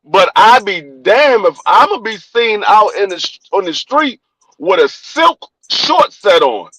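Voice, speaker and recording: A man's voice: sits high, measured pace, low-quality recording. A young man from Washington, D.C., speaking with a D.C. accent, telling a story in casual podcast chat and acting out the lines of everyone in it. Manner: animated storyteller acting out quoted dialogue, profane. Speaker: podcast co-host.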